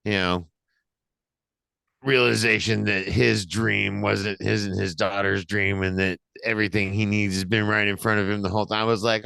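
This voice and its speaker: Bright-voiced, crisp young-sounding man. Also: on the low side, moderate pace, no room sound. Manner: excited, profane, laughs often. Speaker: podcast co-host. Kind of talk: casual chat.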